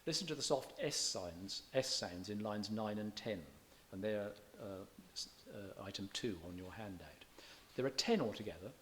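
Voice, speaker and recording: A man's voice: lowish voice, expressive, moderate pace, hardly any pauses, a bit bright, a little hiss or hum. Chatty man giving a poetry lecture. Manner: chatty and digressive, with self-corrections. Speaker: visiting lecturer in English. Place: church hall.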